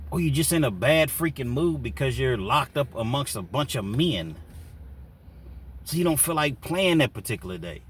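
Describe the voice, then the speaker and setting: A man's voice: medium pitch, distant mic. Man telling a prison story casually. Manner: loose, rambling, fillers like "you know, man". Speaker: storyteller recounting prison life.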